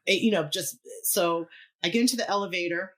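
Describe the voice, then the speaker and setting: A middle-aged woman, a keyboardist appearing as a podcast guest, tells a story in casual chat with a lowish voice at a fairly quick pace. She's animated, laughs often, and acts out what people said.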